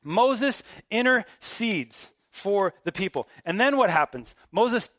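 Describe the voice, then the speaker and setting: Male pastor, high voice, dry close sound, relaxed but emphatic preaching. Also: normal speed, dry recording. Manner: conversational, emphatic preaching with casual asides. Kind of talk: sermon.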